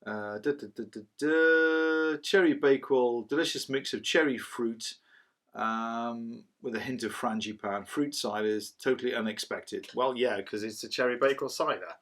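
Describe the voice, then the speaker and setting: A middle-aged man with a medium-pitched voice talks at a normal speed, chatting casually through a cider review. He rambles as he goes and calls himself a waffler.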